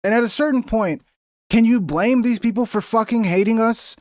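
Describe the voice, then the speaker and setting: A man's voice: extremely high pitch, moderate pace, darkish tone, dry recording, studio quality. A young man streaming, ranting about the news in a heated, profane, rambling way. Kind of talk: casual political commentary.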